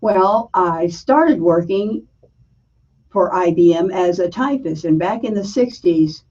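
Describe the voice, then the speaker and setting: An older woman from Florida, an author guest, telling stories in an animated way with lively quoted voices. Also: fairly low pitch, slow. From Southern US, Florida. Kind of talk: storytelling interview. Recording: muffled, distant mic.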